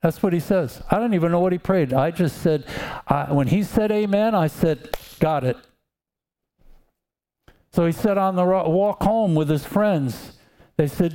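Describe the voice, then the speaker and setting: A man's voice: sits high, mellow. A man preaching a sermon, telling stories and asking the congregation to answer back. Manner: slow, emphatic, calls out to congregation.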